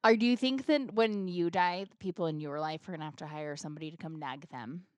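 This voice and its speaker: Woman with a fairly low voice, teasing podcast co-host, quick interjections, dry close mic. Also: no room sound. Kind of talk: casual chat.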